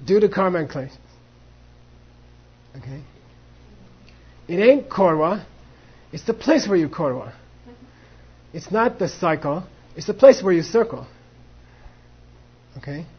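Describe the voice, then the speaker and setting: High husky guy teaching a debate class, plays both sides, muffled lo-fi recording. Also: unhurried, pauses often. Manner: lively, acts out both debaters, mixes in Tibetan phrases. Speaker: Buddhist philosophy teacher.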